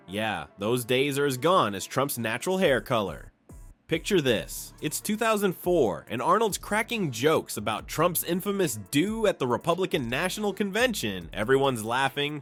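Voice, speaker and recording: A man's voice: a little high, fairly bright tone. A man narrating a scripted comedic commentary in a snarky, punchline-driven way.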